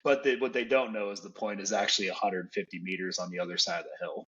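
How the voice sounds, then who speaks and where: Husky-voiced man telling stories, muffled. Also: on the low side, steady tone, fast talker, a bit bright. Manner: anecdotal, laid-back. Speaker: guest. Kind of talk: casual storytelling. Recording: dull, muffled mic.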